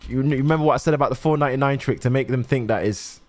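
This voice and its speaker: A young man gives casual, excitable game commentary, swearing often and talking to his chat. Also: mid-range voice, racing, slight background noise. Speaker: gaming streamer.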